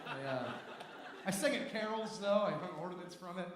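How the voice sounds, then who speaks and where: A man's voice: high-pitched, animated, normal speed, background noise. A man doing a rambling, self-mocking stand-up set with crude jokes, on stage in a comedy club. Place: comedy club stage before a live audience. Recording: roomy, distant live club recording.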